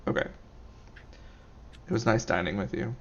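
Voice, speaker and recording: A man voicing a soft-spoken, flirty adventurer. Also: on the low side, normal speed, muffled recording. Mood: courteous.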